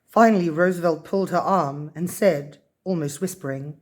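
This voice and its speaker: A woman reading a children's story aloud in a gentle, even storybook manner. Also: on the low side, normal speed.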